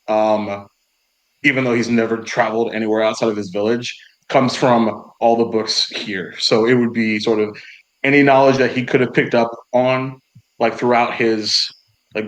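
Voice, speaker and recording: A man's voice: medium pitch, low-quality recording. Man explaining his character casually. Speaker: player. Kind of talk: casual chat at a game table.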